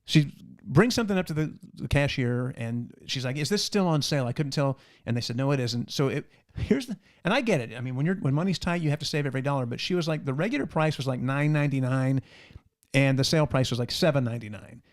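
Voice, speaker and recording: A man's voice: medium pitch, fast. A man co-hosting a casual live-stream chat, telling stories and acting out what people said. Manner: animated storyteller, acts out quotes. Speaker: co-host.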